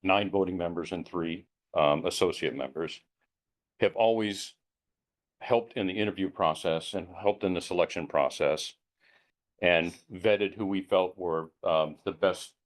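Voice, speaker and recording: Board member, deep-voiced man, slow halting explanation full of ums. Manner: hesitant, many ums, measured explanation. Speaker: elder affairs board member. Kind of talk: explaining at a public meeting.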